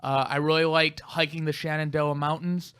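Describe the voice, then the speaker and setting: Bright-voiced man telling candid stories. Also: a little high, little pitch movement, normal speed, clear, resonant tone. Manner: candid, self-deprecating storytelling. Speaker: comedian co-host. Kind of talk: casual podcast chat.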